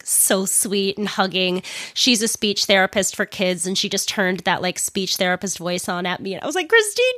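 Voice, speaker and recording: A woman's voice: medium pitch, bright, forceful tone, no room sound. A young woman hosts her podcast in a loose, chatty monologue, laughing easily and swearing without thinking twice. Her upper lip is sore, so she talks a little stiffly around it. The sound is dry and close, with no room in it. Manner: chatty, candid, laughs often, swears casually. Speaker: podcast host. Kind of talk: casual storytelling monologue.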